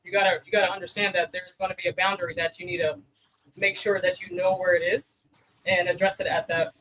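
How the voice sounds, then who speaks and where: A woman's voice: on the low side, flat delivery, fast, fairly bright tone, distant mic, a little hiss or hum, rough recording. A woman co-hosting a podcast, speaking firmly and matter-of-factly in casual conversation. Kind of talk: casual chat.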